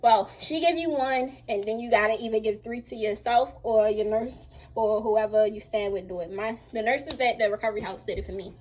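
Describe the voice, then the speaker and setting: A young woman telling a casual storytime to her viewers, candid and slangy, animated as she retells what happened. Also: a little high, brisk, few pauses, rough recording. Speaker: vlogger.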